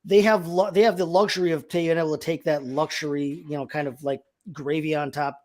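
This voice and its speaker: A man with a fairly high voice hosting a casual sports chat. He keeps the talk moving, tossing questions to his guests and adding his own energetic takes. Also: a little fast. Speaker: show host.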